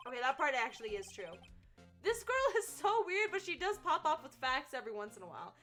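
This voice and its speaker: A woman streaming a video game and chatting casually with her viewers, giggly and animated. Her voice is high and very lively, jumping all over, with soft music playing faintly behind. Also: brisk. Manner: animated and giggly, reads chat aloud. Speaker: gaming streamer. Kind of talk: casual live-stream gaming chat.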